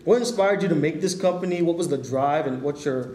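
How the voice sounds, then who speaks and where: A man interviewing a guest in a casual, amateur style, chatty and excitable like a fan, with lots of "like" in his speech. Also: on the high side, brisk, roomy sound, slight background noise.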